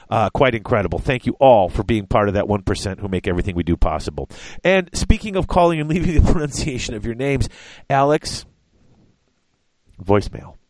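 A man's voice: medium pitch, a little hiss or hum. A man hosting a podcast in casual chat, rambling and stumbling over names. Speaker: podcast host.

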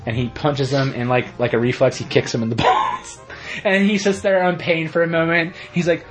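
A man co-hosting a casual podcast, rambling through an animated retelling of a TV episode and acting out the characters' lines. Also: on the high side, normal speed, soft background music. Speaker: podcast co-host.

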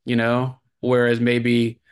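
A man's voice: mid-range voice, completely flat delivery, takes it slowly, smooth. A man co-hosting a movie podcast, chatting casually and rambling with lots of fillers and restarts. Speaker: podcast co-host.

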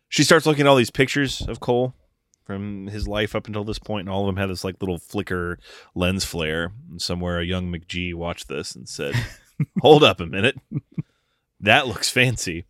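Man, low voice, casual podcast chat, animated, profane, dry close mic. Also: clear, resonant tone, dry recording. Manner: animated, profane, quick to act out lines in funny voices. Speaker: podcast co-host. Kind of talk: casual movie-discussion chat.

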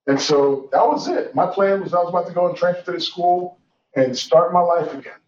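A man's voice: high-pitched, a little fast, a little mellow. A young man tells his own story in an earnest, reflective voice, restarting his sentences and leaning on fillers. He sounds set back from the mic, with room echo around him. The audio is dull and carries a faint hiss. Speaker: guest telling his story. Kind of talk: personal storytelling. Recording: roomy, distant, dull sound with faint noise.

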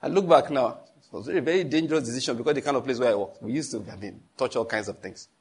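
A man's voice: mid-range voice, fast talker, breathy edge. A man preaching a sermon as pastor, emphatic, repeating phrases and acting out stories.

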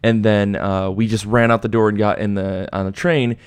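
A man's voice: fairly low pitch, flat delivery, moderate pace, smooth, no room sound. A young man hosting a podcast, telling a story in casual chat and acting out the voices of people he quotes. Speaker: podcast host.

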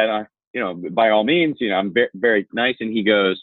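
A man with a low voice tells a story as a podcast guest, animated and candid. His voice comes through a narrow, tinny, phone-like line. The sound is dry, with no room echo. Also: fairly quick. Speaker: podcast guest, insurance marketer. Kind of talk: storytelling conversation.

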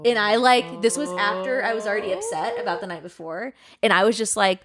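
A woman's voice: medium pitch, a little fast, few pauses, a bit bright. Chatty young woman telling a rambling story. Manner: rambling storytelling with frequent "like" and swearing. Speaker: podcast co-host. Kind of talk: casual chat.

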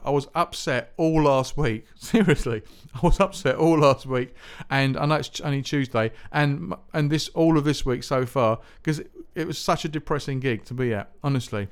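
A man's voice: mid-range voice, clean tone. A man hosting a music podcast, talking in a rambling, chatty, self-mocking way with lots of restarts. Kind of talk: casual solo podcast chat.

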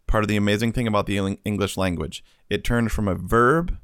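A man's voice: on the low side, fairly even intonation, fairly quick, fairly bright tone, smooth, dry recording, clean studio sound. A man co-hosting a podcast, joking and riffing in casual movie chat. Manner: jokey, riffs and banters. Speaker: podcast co-host.

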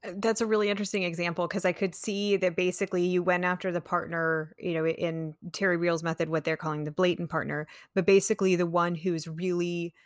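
A woman's voice: lowish voice, little pitch movement, fairly quick, few pauses, dry recording, studio quality. A woman hosting an interview, asking long thoughtful questions and searching for words as she talks. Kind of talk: podcast interview.

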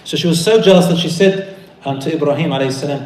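A man gives a sermon in storytelling mode, building his phrases with animated, rising emphasis. His voice sits a bit high for a man. The room is echoey around him. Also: quick pace. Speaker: preacher.

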